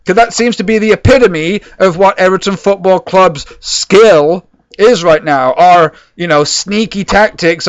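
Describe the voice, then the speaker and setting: This man's voice sits high for a man. He delivers a raw match reaction as a sarcastic, profane rant, and the recording is dry and a little muffled. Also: no echo. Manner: sarcastic, swearing, ranting. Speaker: football fan video creator.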